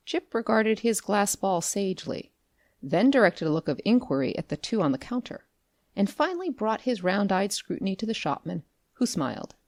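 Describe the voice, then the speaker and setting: A woman reads a classic story as an audiobook, narrating from a script with expressive storytelling. Her mid-range voice moves at a normal speed, and the studio recording is dry and clean.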